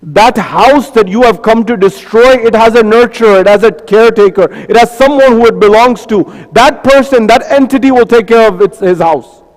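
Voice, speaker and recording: A man voicing a dignified elderly tribal chief who speaks calmly and firmly, with the long reverb of a mosque hall. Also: very high voice, normal speed.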